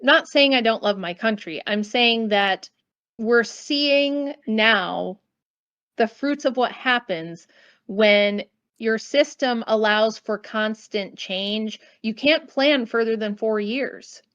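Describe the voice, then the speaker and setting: A woman's voice: a little high, slow, fairly bright tone, smooth, muffled recording. An American woman, a guest author, giving blunt, emphatic opinions in an interview with casual asides. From United States.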